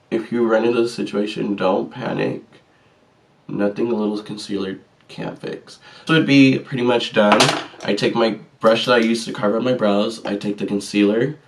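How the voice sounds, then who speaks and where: A man's voice: medium pitch, distant mic. A man chatting casually and sassily through a makeup tutorial, joking at his own mistakes. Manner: chatty, sassy and self-deprecating. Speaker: vlogger.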